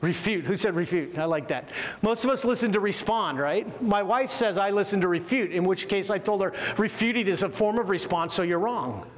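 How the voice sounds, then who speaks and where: A man teaching a leadership communication course to military officers, lively and full of rhetorical questions. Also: sits high, fairly quick, hardly any pauses. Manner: lively, asks the audience frequent rhetorical questions. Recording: echoey hall with long reverb.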